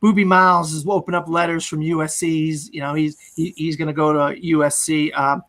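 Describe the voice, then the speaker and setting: A man's voice: on the high side, little pitch movement, brisk, a bit bright. A man hosting a casual movie discussion podcast, loosely recapping scenes in a chatty way. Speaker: podcast host.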